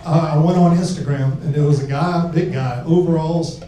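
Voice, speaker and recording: Onstage at a club with a handheld mic, an Alabama man delivers a crude, brash stand-up set and yells the punchlines. His voice is a little high, with a steady tone and moderate pace, recorded from a distance in a roomy space.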